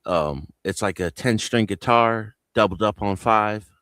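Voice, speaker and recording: A man's voice: on the low side, measured pace, fairly bright tone, no echo. A man from New Jersey on a live panel, telling loose stories full of street slang and swearing. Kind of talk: casual live panel chat.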